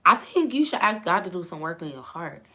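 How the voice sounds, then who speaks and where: Woman, gravelly low voice, laid-back livestream Bible chat with viewers. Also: sing-song, fairly quick, sharp tone. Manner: laughing, chatty, reads viewer comments aloud. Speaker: livestream host reading the Bible. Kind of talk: casual live chat with viewers.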